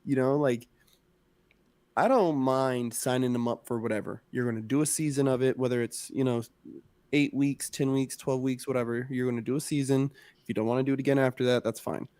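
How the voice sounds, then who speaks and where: A man on a podcast, talking casually about coaching and raising kids. He rambles in a relaxed, slangy way, recorded close and dry with no room sound. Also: mid-range voice, fairly quick, no room sound. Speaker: podcast co-host, former youth coach.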